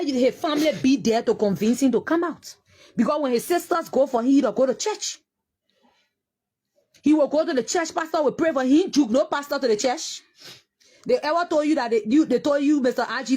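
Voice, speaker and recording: A woman's voice: high-pitched, a little fast, darkish tone. A grieving Liberian mother giving an impassioned, accusing public statement, repeating her phrases and close to tears.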